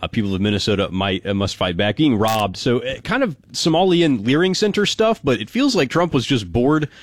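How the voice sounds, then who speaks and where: A man co-hosting a casual news commentary, relaxed and amused, laughing as he tells the stories. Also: medium pitch, a little fast, dry recording. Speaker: co-host.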